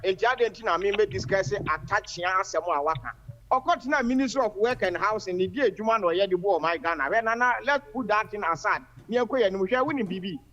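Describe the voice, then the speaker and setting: High male caller, earnest, muffled line, political call-in. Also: lively intonation, quick pace, bright, forceful tone. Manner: earnest, addresses the host often.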